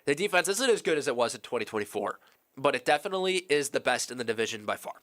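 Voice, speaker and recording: A man co-hosting a sports podcast in a college radio studio, animated and opinionated, his voice starting to give out. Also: mid-range voice. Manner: animated, opinionated, quick asides. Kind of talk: casual sports talk.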